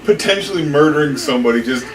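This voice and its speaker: A man's voice: a little high, expressive, fast talker, roomy sound, background noise. A man chatting casually while watching a film, teasing his friend and laughing often. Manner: teasing, laughs often, repeats a running joke. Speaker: co-host watching a movie. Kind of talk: casual movie reaction chat. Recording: distant mic, film soundtrack behind. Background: film audio playing.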